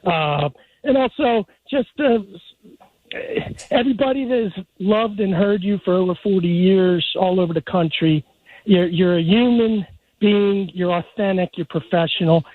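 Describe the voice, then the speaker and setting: A man calling in to a radio show, earnest and halting, with many fillers. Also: high-pitched, no echo. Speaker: caller. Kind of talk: phone call to radio show. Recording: tinny phone line.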